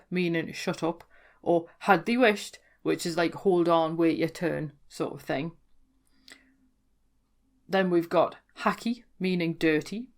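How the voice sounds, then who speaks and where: A woman with a broad Geordie accent talks through local words in a casual, educational way. Her voice sits a little low for a woman. She is chatty and amused and often corrects herself partway through a sentence. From North East England. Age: adult, worked in London before. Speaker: folklore blogger explaining dialect.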